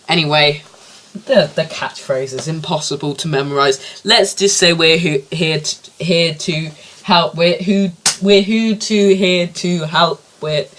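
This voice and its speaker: A man voicing a loud, boastful male helpline team leader who keeps fumbling his own catchphrase. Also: on the high side, pitched above the performer's own voice.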